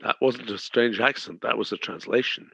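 A man's voice: medium pitch, moderate pace, vocal fry, sharp tone, husky, dry recording, dull audio. A man running a live working design meeting, thinking aloud in a direct, decisive way. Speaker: company head leading a design meeting.

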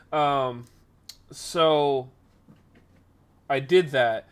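A man hosting a podcast, telling a rambling story in a casual, animated way, correcting himself as he goes and acting out the people in it. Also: drawn-out words, clean tone. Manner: animated, acts out the people in his story with jumps in pitch and volume. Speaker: podcast host.

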